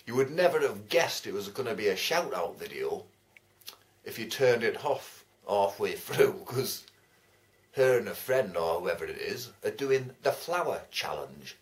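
A man's voice: fairly low pitch, big pitch swings, a little slow. A man chatting casually to camera as a vlogger, laughing often and swearing freely. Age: adult, writing a second novel. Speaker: vlogger giving shout-outs.

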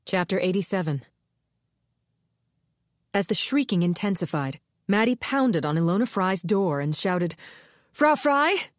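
A woman narrating a thriller audiobook in an even, steady storytelling delivery. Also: fairly low pitch, a little slow, pauses often, no room sound, clean studio sound. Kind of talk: scripted narration.

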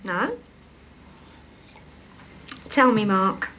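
A woman's voice: mid-range voice, very animated, very slow, pushed and bright, exaggerated voice. An actress playing a prim, chatty middle-aged woman who tries to sound posh, talking in a coaxing sing-song way in a film drama. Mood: indignant. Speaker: employer. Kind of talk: 1980s film drama acting.

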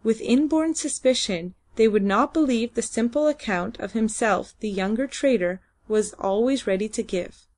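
A woman reading a classic novel aloud as an audiobook narrator, at a measured, even pace. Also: a little high. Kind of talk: scripted narration.

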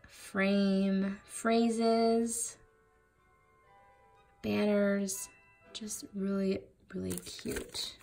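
A young woman showing off craft supplies in a casual vlog, gushing over each item with lots of fillers. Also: mid-range voice. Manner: gushing, enthusiastic, many fillers. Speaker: craft vlogger. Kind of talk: casual haul video chat.

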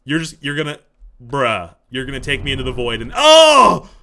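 A man giving jokey, excitable commentary while playing a game, swinging from loud outbursts to hushed muttering. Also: medium pitch, fairly quick. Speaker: gaming video creator. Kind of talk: let's play commentary.

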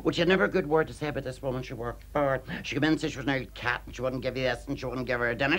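Man, Belfast accent, comic monologue, chatty gossiping, bright sharp voice. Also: mid-range voice, very fast, few pauses. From Northern Ireland. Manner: chatty gossiping, rambling with many "like"s. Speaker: comedian.

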